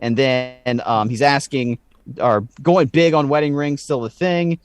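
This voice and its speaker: A man's voice: medium pitch, fairly even intonation, a little slow, dry recording. A man co-hosting a podcast in casual chat, rambling and full of "like" fillers. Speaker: podcast co-host.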